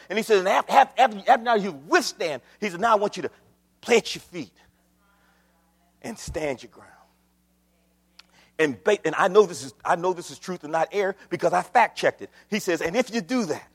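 A man preaching a sermon, swinging from hushed asides to shouted exclamations, addressing the church. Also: high voice, lively intonation, moderate pace, slightly rough, big-room sound. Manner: dramatic swings from hushed to shouted, call-and-response phrasing.

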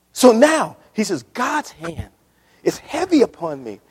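Impassioned preacher, lively pitch. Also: male voice, a little slow, breathy edge. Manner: impassioned, repetitive, calls out to the congregation. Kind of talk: sermon. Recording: reverberant church hall.

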